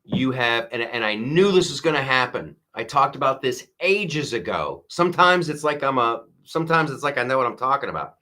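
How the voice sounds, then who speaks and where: Bright-voiced man ranting sarcastically. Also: medium pitch, expressive, brisk, few pauses. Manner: mocking mimicry of opponents. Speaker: show host. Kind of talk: political commentary monologue.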